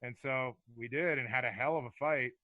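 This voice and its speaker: A man's voice: mid-range voice, fairly quick, no echo, phone-quality sound. A man in his forties, a former hockey enforcer, telling profane, laid-back stories as a podcast guest. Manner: profane, laid-back storyteller with filler words. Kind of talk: casual storytelling chat.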